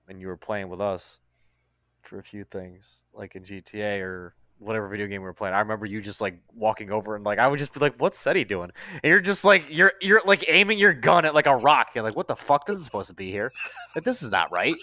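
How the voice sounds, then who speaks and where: A man co-hosting a podcast in casual chat, animated and profane, often acting out what people said. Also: fairly low pitch, dry recording. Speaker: podcast co-host.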